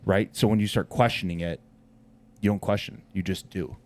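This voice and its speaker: Deep-voiced, earnest, encouraging male host. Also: steady tone, normal speed, a little mellow. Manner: encouraging, earnest, calls guest brother. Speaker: podcast host. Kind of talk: casual podcast conversation.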